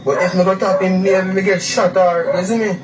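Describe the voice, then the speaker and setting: A young man with a Jamaican Patois accent, giving a halting, repetitive eyewitness account, recorded in a distant, echoey, noisy clip. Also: sits high, steady tone, over a noisy crowd. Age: young adult. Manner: halting, repeats himself, acts out quotes. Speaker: witness interviewee.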